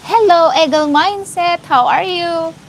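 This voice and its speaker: Woman, Filipino accent, live stream host, giggly, unhurried delivery. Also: extremely high pitch, a little hiss or hum, low-quality recording. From Philippines. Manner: giggly, laughs often, greets viewers by name. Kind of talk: casual live stream chat with viewers.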